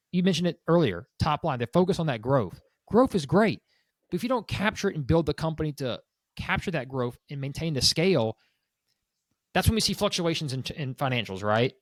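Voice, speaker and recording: A man co-hosts a business podcast as a broker, talking in quick bursts with a lively, swooping pitch that rises and falls a lot. He slips in little acted quotes from clients as he goes. The sound is close and dry. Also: dry recording. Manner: animated, acts out clients' quotes. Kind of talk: casual podcast chat.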